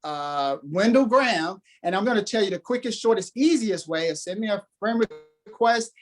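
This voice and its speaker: A man's voice: high voice, lively intonation, normal speed. A man who is a guest on a podcast, giving a motivational talk with emphatic, preacher-like delivery and repeated phrases.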